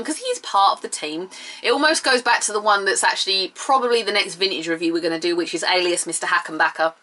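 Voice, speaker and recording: A young woman chatting through a TV episode review, animated and sarcastic, with bursts of mock outrage. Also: medium pitch. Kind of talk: casual video review.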